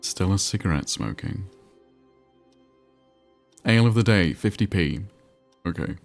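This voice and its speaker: A man's voice: low voice, lively intonation, a little slow, gravelly, faint music behind. A man streaming a game, chatting and rambling while reading chat aloud. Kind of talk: casual live-stream commentary.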